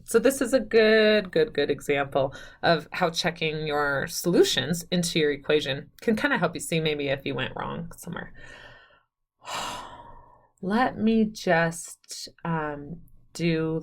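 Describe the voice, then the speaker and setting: Woman, math teacher, lower-pitched voice, chatty, self-deprecating, counts under her breath, video lecture. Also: vocal fry. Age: adult, married with children. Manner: chatty, self-deprecating, talks straight to the students; counts aloud softly while drawing. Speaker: math instructor.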